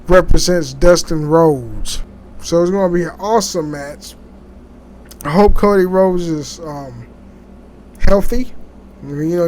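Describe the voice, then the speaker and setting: Male podcast host, casual solo commentary, halting delivery with restarts, slightly high voice, faint background noise. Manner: rambling, halting, many restarts and fillers. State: sleepy, yawning.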